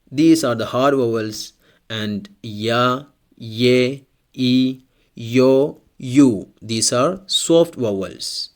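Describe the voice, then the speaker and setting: A man with a mid-pitched voice teaches a language lesson at an unhurried pace. He explains step by step and says each example word twice for the learner. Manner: slow, deliberate, repeats example words twice.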